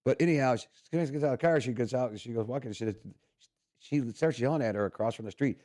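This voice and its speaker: A man's voice: medium pitch, quick pace, dark tone. A man with a Midwestern American accent co-hosting a morning radio show, telling easygoing anecdotes with laughter. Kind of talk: casual morning radio chat. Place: radio studio.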